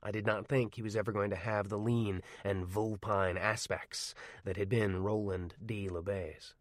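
A man's voice: fairly low pitch, fairly even intonation, no room sound. Man narrating an audiobook in a dry booth. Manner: measured, wry storytelling.

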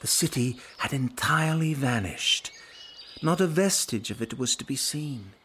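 A man narrating a classic story in a measured, expressive way, sometimes dropping to a whisper. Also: mid-range voice, a little hiss or hum. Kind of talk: dramatic audiobook reading. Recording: narration over music.

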